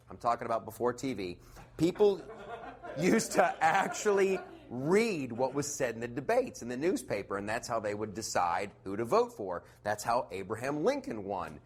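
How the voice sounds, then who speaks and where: Animated, sarcastic male comedian. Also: mid-range voice, normal speed. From United States. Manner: animated, sarcastic, laughing at his own jokes. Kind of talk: stand-up comedy monologue.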